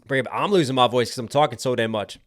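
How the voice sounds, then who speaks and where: A man's voice: medium pitch, fast. A young man, a rapper, giving casual reaction commentary on a song and animatedly breaking down its rhymes and flow.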